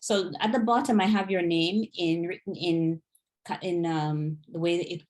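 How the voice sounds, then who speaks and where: A woman tutoring online, modelling pronunciation slowly and patiently in a one-on-one lesson. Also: lowish voice, fairly even intonation, darkish tone. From Jamaica.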